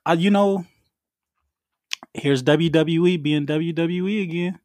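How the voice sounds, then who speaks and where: Animated, slangy man talking in a dry room. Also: a little high, takes it slowly, dry recording. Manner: animated, profane, slangy storytelling. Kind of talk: casual podcast chat.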